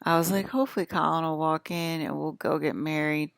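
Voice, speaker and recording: A woman with a low, gravelly voice and a lilt talks in a loose, wandering vlog monologue. She often trips over her own sentences and starts them over. The sound is close and dry. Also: fairly even intonation, fairly quick, no room sound. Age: adult with children. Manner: chatty, wandering, restarts mid-sentence. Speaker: vlogger. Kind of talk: rambling casual monologue. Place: hotel room.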